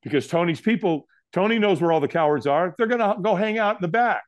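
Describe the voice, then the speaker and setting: Animated middle-aged male storyteller. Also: high voice, fast talker, no echo. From United States. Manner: animated storyteller, acts out quotes. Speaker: guest. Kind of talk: storytelling interview.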